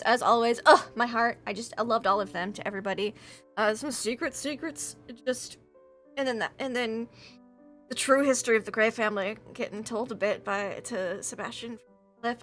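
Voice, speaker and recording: Bright, gushing woman tabletop player. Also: a little high. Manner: gushing, enthusiastic, with many fillers. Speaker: player in a tabletop role-playing game. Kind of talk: casual end-of-session chat on a stream.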